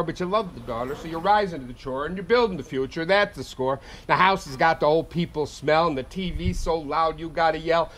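High-pitched profane man doing spoken word. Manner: animated, profane, rapid-fire rhyming delivery. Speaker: touring singer-songwriter. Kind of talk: live spoken-word comedy performance. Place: house concert, indoors.

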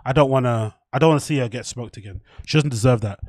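A man's voice: medium pitch, quick pace, no room sound, clean studio sound. A man hosting a live stream, rambling and swearing as he reacts to a fight and reads out chat. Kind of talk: casual live-stream commentary.

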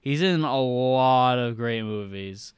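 A man's voice: medium pitch, slow, smooth, dry recording. A man co-hosting a podcast, casually and animatedly retelling movie scenes and acting them out. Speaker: podcast co-host, film superfan. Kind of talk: casual film chat.

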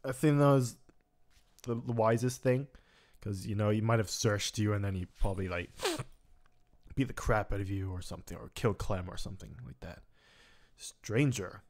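A man's voice: lowish voice, moderate pace, long pauses, a little mellow. Tearful young man commentating a game. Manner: emotional, sighing, reading results aloud. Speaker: gaming commentator. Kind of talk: let's play commentary.

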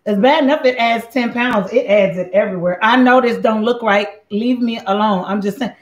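A woman's voice: fairly high pitch, a little fast. A woman hosting a live cooking show, talking in a playful, chatty way straight to her viewers. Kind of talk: casual live cooking chat. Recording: echoey room, dull lo-fi sound.

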